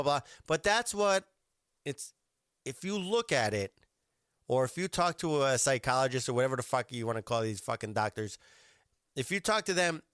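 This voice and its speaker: A man's voice: mid-range voice, fairly bright tone, no room sound, studio quality. A man hosting a podcast, commenting bluntly and profanely on video clips with an authoritative manner. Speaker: podcast host.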